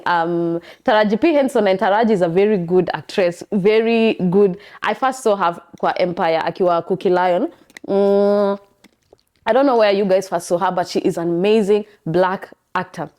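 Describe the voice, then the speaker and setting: A young woman with a Kenyan accent talks to her listeners in a relaxed podcast monologue. She tells her story in a chatty, animated way, with a voice of middling pitch. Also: normal speed. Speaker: podcast host. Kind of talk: casual monologue.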